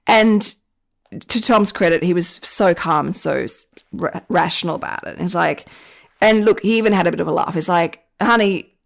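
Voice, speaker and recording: Woman, podcast host; low, fry-edged voice; candid, self-mocking confessional delivery. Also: moderate pace. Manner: candid, self-deprecating storytelling. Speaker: personal finance podcast host.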